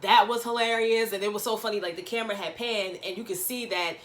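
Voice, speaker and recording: A woman recapping a reality show in a gossipy, slangy, animated chat, acting out quotes. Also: mid-range voice, quick pace.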